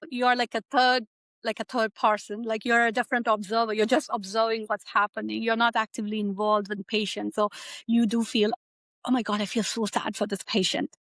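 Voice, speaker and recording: A woman's voice: on the high side, fairly bright tone, dry recording. A middle-aged woman from India, a physician, answering interview questions in a conversational way, often tagging "right?" onto her sentences. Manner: conversational, frequent "like" and "right?" tags.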